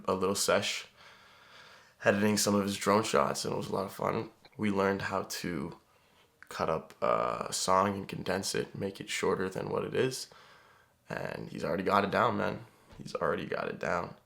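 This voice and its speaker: A man's voice: low voice, moderate pace, vocal fry. A young man talking casually to the camera in a rambling vlog, with lots of fillers. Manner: relaxed, rambling, frequent fillers.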